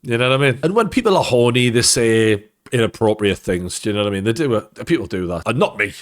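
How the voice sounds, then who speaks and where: A man's voice: medium pitch, lively intonation, fast. A man with a Geordie accent hosting a reaction commentary, irreverent and crude, wandering off into jokey asides. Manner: chatty, with many tangents. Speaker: host of a commentary channel.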